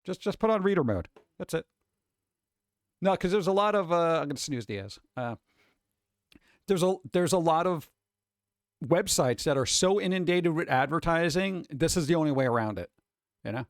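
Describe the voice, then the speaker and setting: Lively, animated male streamer. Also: on the high side, normal speed, pauses often, dry recording, clean studio sound. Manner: animated, swears, reads chat aloud. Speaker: streamer host. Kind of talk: casual live-stream chat.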